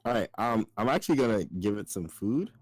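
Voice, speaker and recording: A man's voice: on the low side, animated, fairly quick, no echo. A man playing a tabletop game, speaking hesitantly and tentatively. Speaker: player. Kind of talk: casual tabletop play.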